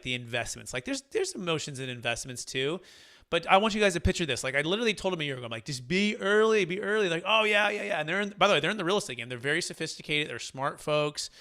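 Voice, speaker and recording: A male host in a casual business chat, telling a story with energy and acting out what people said. His voice is bright and smooth, pitched a touch high. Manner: animated storyteller, acts out quotes.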